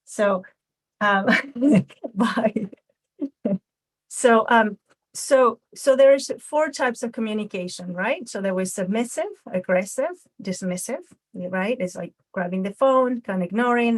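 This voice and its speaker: A woman instructor talks through a puppet demonstration, stepping through each point and checking in with a steady run of tag questions. Her voice sits at a middle pitch. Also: slow pace. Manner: frequent tag questions, explains step by step.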